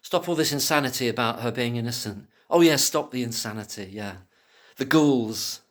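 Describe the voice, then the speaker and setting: A man giving impassioned solo commentary who swears freely and swings from angry ranting to quiet muttering. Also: medium pitch, normal speed.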